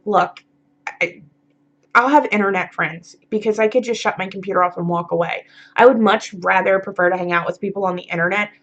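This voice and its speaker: A woman's voice: medium pitch, fairly bright tone. Tired, blunt woman vlogging on dull lo-fi audio. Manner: blunt, frank, swears freely, rambling with many fillers. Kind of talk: casual confessional monologue.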